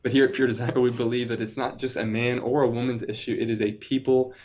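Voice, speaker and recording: A man's voice: medium pitch, little pitch movement, quick pace, darkish tone, muffled recording. A man in his late twenties, a podcast guest, telling a personal testimony in an earnest, emphatic way. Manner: earnest, emphatic, vivid retelling.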